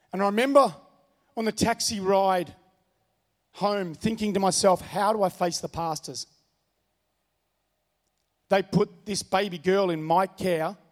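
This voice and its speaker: Man, pastor, sermon, earnest, repeats key lines, high-pitched, echoing hall. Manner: earnest storytelling preacher, repeats key phrases.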